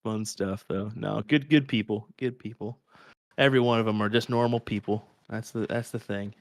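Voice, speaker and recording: A man with a Kansas accent calls a darts match and swaps stories with his co-commentator. His voice sits low and sounds dry and close to the mic. He laughs easily and rambles in a friendly, chatty way. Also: normal speed, no room sound. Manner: chatty, laughs often, lively storytelling. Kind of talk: live sports commentary banter.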